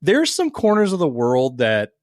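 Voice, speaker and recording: A man's voice: mid-range voice, normal speed, dry recording, clean studio sound. A man from Las Vegas co-hosting a podcast, telling stories in casual chat and swearing freely as he acts out what people said. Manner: animated storytelling, swears freely, acts out quotes. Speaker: podcast co-host.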